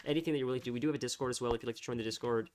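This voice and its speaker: A young man chatting casually on a live stream, rambling and halting, full of fillers and restarts. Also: medium pitch, steady tone, darkish tone.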